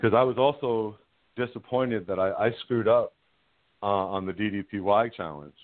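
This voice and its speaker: A man's voice: lowish voice, normal speed, no room sound. A middle-aged man calling in as a guest, telling a personal story in a frank, rambling way and laughing at himself. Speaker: guest caller. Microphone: phone. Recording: tinny dry phone line.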